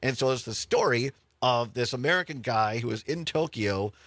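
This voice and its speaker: A man's voice: mid-range voice, expressive, normal speed, a bit bright, no room sound. A man hosting a radio talk show, chatting casually and laughing easily as he retells stories.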